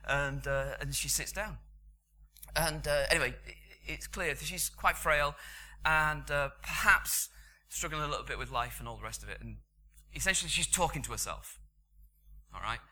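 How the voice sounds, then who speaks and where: A man's voice: on the high side, normal speed, bright, forceful tone, a little hiss or hum. A middle-aged British man giving a sermon in a conversational, storytelling way. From Britain. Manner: conversational storytelling, chuckling asides. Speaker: preacher.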